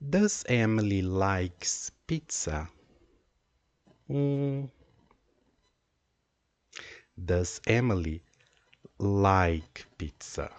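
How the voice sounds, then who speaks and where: A man teaching an English grammar lesson, explaining slowly and reading out example sentences. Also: low-pitched, animated, dry recording. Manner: slow, deliberate explaining with drawn-out example sentences.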